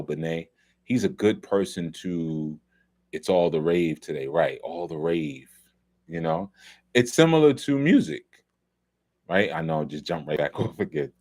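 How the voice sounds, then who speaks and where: A man's voice: low-pitched, big pitch swings, normal speed. A middle-aged man from New York, hosting a loose, conversational film commentary talk with many asides. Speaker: host.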